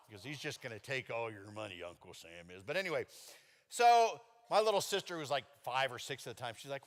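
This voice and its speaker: A man giving a testimony sermon, telling his story with lively acted-out quotes. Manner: animated storytelling with high-pitched acted-out quotes. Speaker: preacher. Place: church hall. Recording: long reverb of a church hall.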